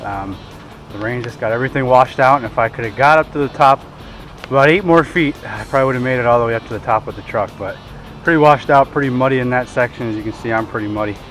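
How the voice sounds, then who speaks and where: A man's voice: mid-range voice, fast, fairly bright tone, soft background music, poor audio. A man hosting an outdoor hunting vlog, talking in a plain-spoken, easygoing and self-deprecating way. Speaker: hunting show host. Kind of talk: casual outdoor vlog narration. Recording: clear road and outdoor noise.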